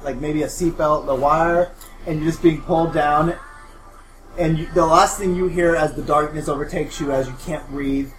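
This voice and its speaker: A man's voice: a little high, fairly even intonation, moderate pace, reverberant, slight background noise, poor audio. A man narrating a horror tabletop game as game master, in a loose, rambling style with lots of fillers.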